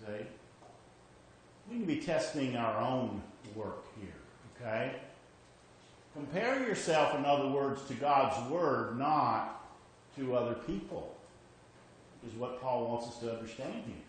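A man's voice: medium pitch, animated, measured pace, long pauses, a little hiss or hum. A man preaching a sermon, emphatic, repeating his points and often checking in with "okay?". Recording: very echoey hall with faint ambience.

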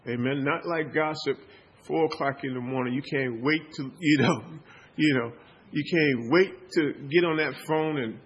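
A man's voice: medium pitch, a bit bright, husky. A pastor preaching a sermon with call-and-response, repeating and restarting his words as he builds up.

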